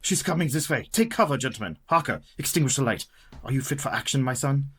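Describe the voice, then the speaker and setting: An actor playing a resolute, scholarly vampire hunter in a radio play, with a husky, authoritative voice. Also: male voice, medium pitch, expressive, quick pace, fairly bright tone. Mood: commanding.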